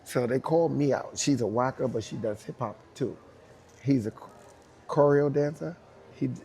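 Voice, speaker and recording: Mellow-voiced man telling a lively story. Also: mid-range voice. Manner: animated, acts out quoted dialogue. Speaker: dancer and hip hop battle judge. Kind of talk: casual storytelling anecdote.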